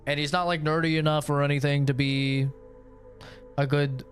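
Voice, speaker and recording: A man's voice: fairly high pitch, normal speed, soft background music. A young man streaming a game, swearing a lot and ranting in casual commentary. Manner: swearing, excitable, rants loudly.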